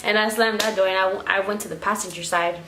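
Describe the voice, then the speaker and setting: Young woman doing a storytime vlog, swears a lot, animated, roomy echo and a little hiss. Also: mid-range voice, fast talker. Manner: swears freely, animated retelling with acted quotes. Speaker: vlogger. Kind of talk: casual storytime. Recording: echoey room, faint background noise.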